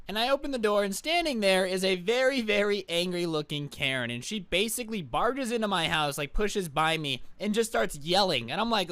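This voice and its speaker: A young man tells a story to his channel in a sarcastic, exasperated and casual way. His voice is smooth and slightly high. The sound is dry, close and clean. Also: big pitch swings, fairly quick, few pauses, fairly bright tone, no room sound. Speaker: YouTuber. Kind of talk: storytime vlog.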